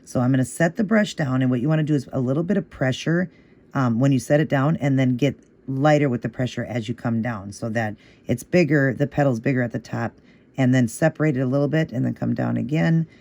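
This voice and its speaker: Gravelly, mellow-voiced man teaching patiently. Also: medium pitch, fairly quick. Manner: patient, repeats instructions rhythmically; encouraging. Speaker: nail art tutorial host. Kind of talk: casual step-by-step tutorial narration.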